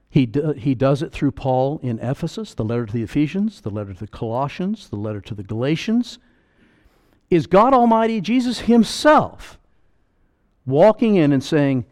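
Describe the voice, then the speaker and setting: A middle-aged man preaching a sermon, emphatic, swinging between loud declarations and quiet, slowed-down asides. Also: a little high.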